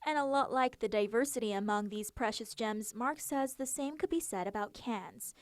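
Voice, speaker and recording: A woman TV travel reporter narrating a travel feature and interviewing locals in a bright, upbeat, curious way. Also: fairly high pitch, normal speed, no room sound. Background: music.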